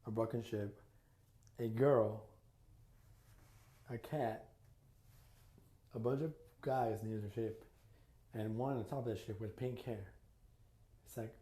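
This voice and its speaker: A man's voice: lowish voice, steady tone, slow pace, pauses often, warm tone. A man casually retelling an imagined crossover story as a YouTuber, rambling with lots of fillers and restarts. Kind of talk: casual fan-fiction storytelling.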